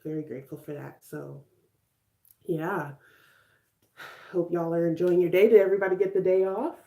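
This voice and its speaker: A woman's voice: fairly low pitch, steady tone, moderate pace, creaky, mellow. A young woman in her twenties from Chicago, chatting casually with viewers and answering comments while doing her makeup. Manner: chatty, laughs often, reads and answers comments. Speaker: vlogger live streaming to viewers.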